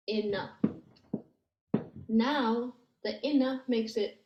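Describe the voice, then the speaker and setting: The recording is muffled, echoey and carries faint noise as a woman with a slightly high voice explains language grammar. She goes slowly, with long pauses, patiently taking it step by step and thinking aloud with many fillers.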